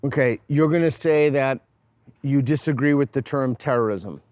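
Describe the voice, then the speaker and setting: A man's voice: medium pitch, normal speed, a little mellow, dry recording. A man with a Boston accent hosting a casual street interview, playful and teasing. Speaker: host. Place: outdoors on a college campus.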